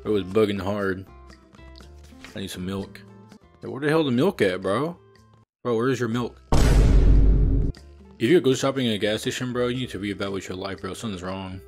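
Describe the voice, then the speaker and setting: A young man commentating a horror game he is playing, loud and exasperated, with lots of slang and cursing. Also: lowish voice, normal speed, pauses often, faint music behind. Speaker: gaming streamer. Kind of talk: let's play commentary.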